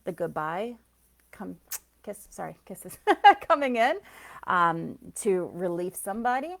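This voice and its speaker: A woman's voice: mid-range voice, big pitch swings, slow pace, creaky. A woman giving a live intuitive card reading to viewers, chatty and effusive, often laughing and gushing as she greets them by name. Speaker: spiritual reader and soul coach.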